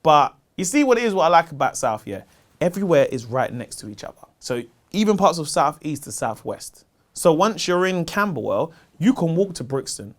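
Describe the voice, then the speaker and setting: A man in his thirties with a South London accent, a stand-up comedian chatting casually in an interview, slangy and animated as he tells stories. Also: a little fast. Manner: animated, slangy storytelling, gets loud and high when excited.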